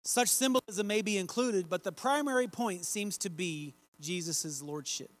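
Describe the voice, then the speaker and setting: A man preaching a sermon, reading scripture aloud and slowing down to stress key phrases. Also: sits high, a bit bright.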